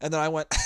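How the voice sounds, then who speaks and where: A man's voice: fairly high pitch, no echo, clean studio sound. A young man hosting a solo podcast, telling stories in a blunt, profane rant. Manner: blunt, profane, ranting storyteller. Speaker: podcast host.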